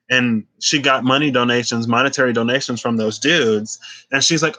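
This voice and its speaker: Man, tarot reader, emphatic, slangy, conversational, bright forceful voice. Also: mid-range voice, fairly even intonation, fairly quick, poor audio. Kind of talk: spiritual tarot talk.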